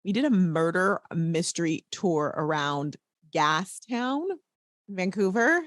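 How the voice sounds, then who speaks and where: A woman's voice: on the low side, lively intonation, slow, dry recording, clean studio sound. A woman hosting a podcast, chatting casually, rambling and giggling. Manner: giggly, rambling, says y'all. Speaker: podcast host. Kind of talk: casual chat.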